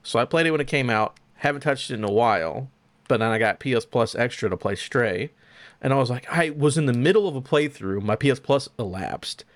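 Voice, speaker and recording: A young man hosting a podcast, chatting casually about video games in an animated, profane, joking way. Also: medium pitch, fairly quick, no echo. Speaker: podcast host.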